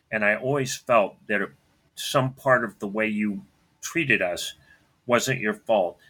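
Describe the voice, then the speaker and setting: A middle-aged man telling an earnest personal story, often clearing his throat. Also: on the low side, slow pace, bright, forceful tone. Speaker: storyteller recounting his life.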